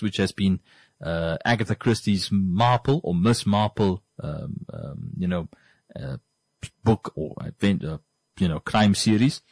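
A man's voice: lowish voice, no room sound. Emphatic man, dry sound. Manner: rambling, emphatic, repeats points for effect. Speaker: podcast host. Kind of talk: casual monologue.

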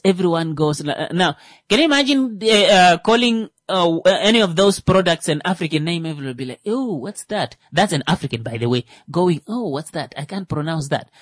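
A stand-up comedian, a man with a slightly high voice, talks in an animated way full of restarts and fillers. He punches jokes up loudly and then mutters asides. The sound is dry and close. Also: no echo. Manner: swings between loud rising jokes and muttered asides.

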